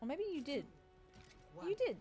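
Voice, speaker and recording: A woman's voice: sits high, big pitch swings, normal speed, mellow, faint music behind. A woman chatting casually and playfully with her viewers while gaming, tired and swearing now and then. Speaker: streamer. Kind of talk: casual gaming stream chat.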